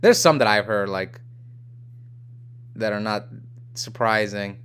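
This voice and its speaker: A man's voice: fairly low pitch, slow, fairly bright tone, clean tone. Chatty young man hosting a live stream. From United States. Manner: chatty, rambling, reads chat aloud. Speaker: livestream host. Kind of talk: casual live-stream chat reading comments.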